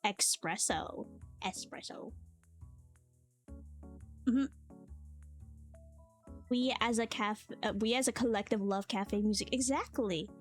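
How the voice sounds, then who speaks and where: A woman's voice: on the high side, fairly even intonation, a little slow, long pauses. A woman streamer chatting casually, rambling and playful, laughing often. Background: faint cafe music.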